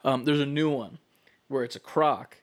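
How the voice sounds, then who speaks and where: A young man co-hosting a podcast in relaxed, rambling banter. He talks in an animated way, with lots of fillers and offhand swearing. His pitch sits in an ordinary middle range. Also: moderate pace. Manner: animated, profane, uses many fillers. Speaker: podcast co-host. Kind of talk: casual podcast chat.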